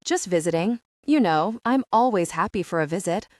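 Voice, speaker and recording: Woman voicing an older man, teasing, relaxed, romance audiobook, dry close sound. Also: fairly low pitch, moderate pace, no room sound, natural voice.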